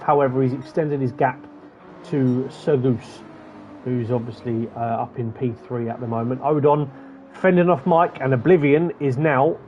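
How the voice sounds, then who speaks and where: A man's voice: mid-range voice, lo-fi sound, slight background noise. A man giving chatty commentary on an online racing event, rattling off positions and gaps. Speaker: race commentator.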